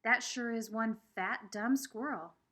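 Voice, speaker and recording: A woman voicing a friendly, talkative country boy who is the new kid at school, with a husky voice and an eager country drawl. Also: on the high side, a little slow, sharp tone. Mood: excited.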